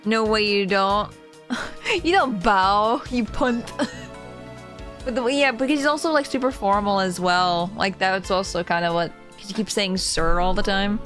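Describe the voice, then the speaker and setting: Excitable woman streamer, live gameplay commentary, unhurried when calm. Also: medium pitch, faint music behind. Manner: excitable, shrieks and laughs, swears.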